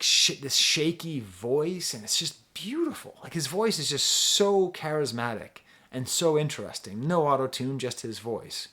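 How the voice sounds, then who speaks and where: A man's voice: on the high side, bright, forceful tone. A man talking casually as a music reviewer, rambling and chatty, with frequent restarts and easy laughter. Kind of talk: casual album review talk.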